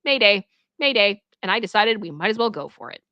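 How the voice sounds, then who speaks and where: A woman streamer reading a story aloud for the first time and breaking in with animated, exclaiming reactions. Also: mid-range voice, fast, no echo, highs cut off. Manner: animated, exclaiming reactions between read passages.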